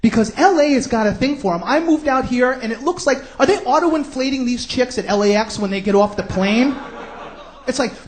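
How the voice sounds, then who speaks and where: Brief: male stand-up comic, New York accent, high-pitched, sarcastic, shouty rants. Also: lively intonation, brisk, a little hiss or hum. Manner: brash, sarcastic ranting with sudden shouts. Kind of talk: stand-up comedy routine.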